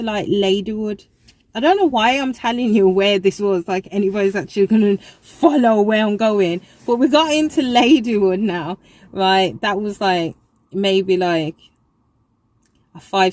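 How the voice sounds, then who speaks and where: A woman's voice: mid-range voice, measured pace, a little mellow, no room sound, low-quality recording. A young woman telling a casual storytime in a chatty, rambling way, full of fillers. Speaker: vlogger.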